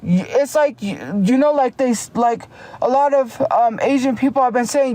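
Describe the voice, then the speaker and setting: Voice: medium pitch, moderate pace, warm tone, no room sound. A streamer ranting heatedly on a casual livestream, often restarting sentences. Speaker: live streamer.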